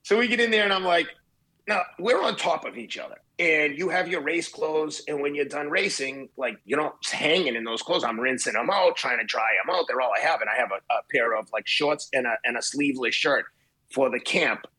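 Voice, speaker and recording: A man in his fifties, a podcast guest telling a swearing, animated anecdote in casual chat. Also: fairly high pitch, moderate pace, slightly rough. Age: 50s. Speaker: podcast guest, marathon runner.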